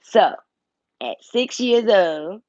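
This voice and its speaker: A woman's voice: mid-range voice, sing-song, extremely slow, a little mellow, dull audio. A woman hosting a casual livestream from home, blunt and teasing, swearing freely as she talks. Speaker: tarot reader and channel host.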